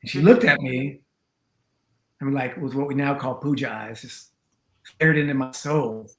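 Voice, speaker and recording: A man with a mid-pitched voice tells a long personal story in a loose, rambling way. He keeps dropping in "you know" and acts out little snatches of dialogue. The recording sounds roomy, with a noticeable echo around him. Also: moderate pace, a bit bright. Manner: chatty and rambling, full of "you know" and acted-out quotes. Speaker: tantra teacher, interview guest. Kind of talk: storytelling in a conversation.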